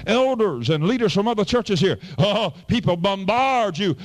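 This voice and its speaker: A man preaching a fervent sermon as pastor, swinging between loud appeals and low, quiet asides. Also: big pitch swings, normal speed, few pauses.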